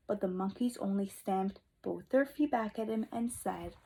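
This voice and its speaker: A woman teacher reading a picture book aloud to young children, expressive and asking them questions, dropping to whispers for asides. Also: mid-range voice, normal speed, creaky, few pauses, breathy edge, rough recording. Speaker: kindergarten teacher.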